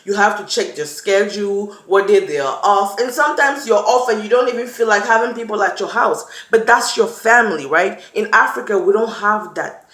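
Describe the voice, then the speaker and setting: Earnest woman in an echoey room. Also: medium pitch. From Cameroon. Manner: earnest, animated storytelling with acted-out quotes. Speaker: vlogger. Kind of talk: personal talk to camera.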